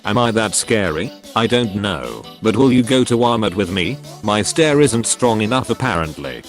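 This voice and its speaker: Synthetic male narrator, low voice, flat reading of forum posts, faint music underneath. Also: moderate pace. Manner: flat, misreads symbols and abbreviations aloud.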